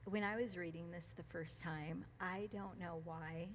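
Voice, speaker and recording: A woman speaking at a church gathering, reading a passage and reflecting on it, emotional and quick to laugh, with many ums and restarts. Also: fairly low pitch, fairly even intonation, slight background noise. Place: church meeting room.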